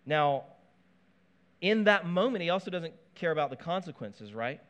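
Animated, conversational male preacher. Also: a little high, moderate pace, lo-fi sound. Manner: conversational and animated, with asides and playful sound effects. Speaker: pastor. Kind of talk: sermon.

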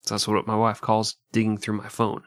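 A man's voice: on the low side, monotone, fairly quick, no echo, soft background music. A man co-hosting a comedy podcast, sarcastic and profane in casual banter. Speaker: podcast co-host.

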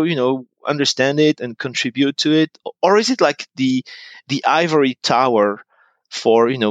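A man's voice: mid-range voice, a bit bright, no room sound. A man from France, a guest in a casual interview, talking with many restarts and fillers. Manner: hesitant, many repeated starts and fillers. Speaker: guest, technical evangelist.

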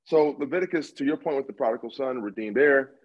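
Husky, measured man teaching. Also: mid-range voice, lo-fi sound. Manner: calm, measured, repeats key points. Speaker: co-host of a faith discussion. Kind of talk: conversational Bible teaching.

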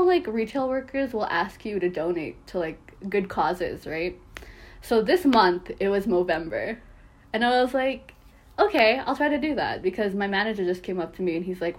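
A young woman co-hosting a podcast, telling lively stories, swearing and laughing often. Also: mid-range voice, normal speed. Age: young adult. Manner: animated storytelling, swears a lot, laughs often. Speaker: podcast co-host. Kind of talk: casual chat.

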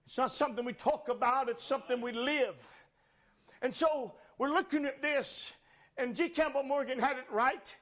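A male preacher with a very high voice delivers a fervent sermon. He leans on "uh" fillers between phrases and builds up to shouting at the peaks. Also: moderate pace.

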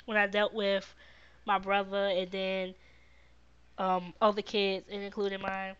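A woman's voice: medium pitch, monotone, measured pace, smooth. A woman hosts a live podcast and talks unhurriedly to her viewers, repeating her advice over and over to drive it home. The sound is dull and lo-fi, like a livestream. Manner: warm, repetitive encouragement, reads viewer comments. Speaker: podcast host. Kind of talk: live-streamed casual talk to viewers.

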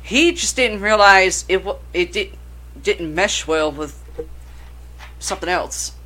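A woman's voice: mid-range voice, takes it slowly, pushed and bright. A woman co-hosting a casual chat about horror films, rambling and swearing freely. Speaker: podcast co-host.

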